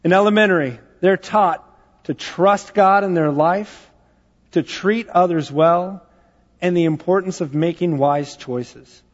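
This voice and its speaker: A man's voice: high-pitched, unhurried. A man giving a sermon as a pastor, talking in a conversational storytelling way with frequent fillers. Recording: dull sound with long hall reverb.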